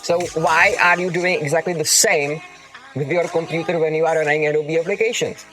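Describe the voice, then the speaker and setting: A man's voice: on the high side, fairly even intonation, brisk, fairly bright tone. A man with a non-native English accent hosting a livestream, answering chat questions in an emphatic, teasing way and calling viewers darling. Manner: emphatic, calls viewers darling, repeats "okay? got it?". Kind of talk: casual livestream Q&A. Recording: faint music under voice. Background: background music.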